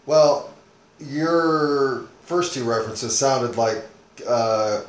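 A man's voice: mid-range voice, very slow. Skeptical man asking questions, roomy sound. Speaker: podcast host. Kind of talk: casual chat. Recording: roomy echo.

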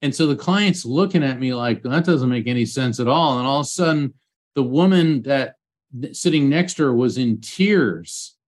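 A middle-aged man, a guest psychic medium, telling animated stories in an interview and acting out quotes. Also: medium pitch, moderate pace. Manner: animated anecdotes with acted quotes. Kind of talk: storytelling interview.

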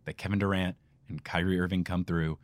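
Young dude, lowish voice, dry close mic, casual podcast rant, gets worked up. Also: male voice, brisk, no echo. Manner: animated, ranting about his team. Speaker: podcast co-host.

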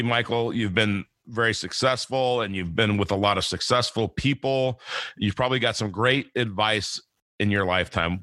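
A man's voice: lowish voice, pushed and bright, dry recording. A man in his fifties hosting a podcast interview, talking in a rambling, easygoing way with lots of fillers and repeated words. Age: 50s. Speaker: podcast host. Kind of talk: casual interview chat.

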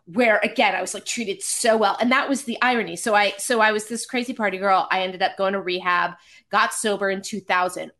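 A woman, a podcast guest, telling stories in a casual, animated, self-deprecating way with many restarts. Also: mid-range voice. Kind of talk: casual storytelling.

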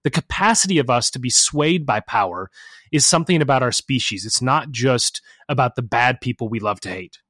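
A man who is an academic guest on a podcast, explaining his research in an energetic, conversational way with frequent restarts. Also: mid-range voice, brisk, no room sound, clean studio sound. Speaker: guest, professor and author. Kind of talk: conversational interview answers.

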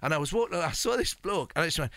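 A man, a comedian on a radio show, rambles through an anecdote with restless energy. His voice sits a bit high and bright, and it leaps around constantly. He stops and restarts often and laughs as he goes. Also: animated, rapid-fire, no room sound. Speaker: comedian guest. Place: radio studio.

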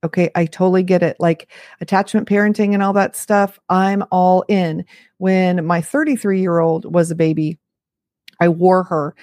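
A woman's voice: on the low side, steady tone, moderate pace, a little mellow, no room sound, clean studio sound. Chatty, frank woman in her fifties. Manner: chatty, frank, self-deprecating asides. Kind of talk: casual talk to camera.

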